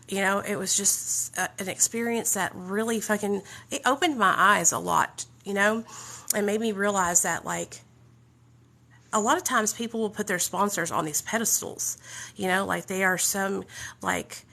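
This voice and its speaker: Blunt Southern woman, bright gravelly voice. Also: mid-range voice, normal speed. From Southern United States. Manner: blunt, profane, animated. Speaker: vlogger telling a recovery story. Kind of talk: candid storytelling.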